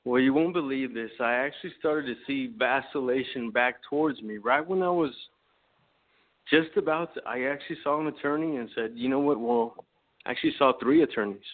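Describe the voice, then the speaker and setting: Caller: man from Texas, mid-pitched voice, calm and a little hesitant, thin phone-line sound. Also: brisk.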